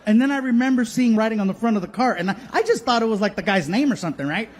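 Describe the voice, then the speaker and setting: A man's voice: high-pitched, lively intonation, racing. A man doing a stand-up routine, acting out a story and laughing along. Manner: acts out characters in a story, laughing. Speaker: stand-up comedian.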